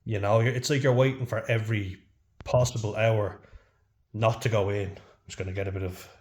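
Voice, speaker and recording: A man's voice: fairly low pitch, fairly even intonation, a little fast, a little mellow. An Irish man vlogging to camera in a frank, casual chat, swearing freely and saying "you know" often.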